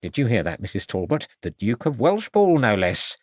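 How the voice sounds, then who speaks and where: Brief: narrator playing a timid, nervous little landlord, lively pitch, storybook. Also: male voice, normal speed, no room sound, studio quality. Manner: nervous, placating. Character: small, nervous, meek lodging-house owner.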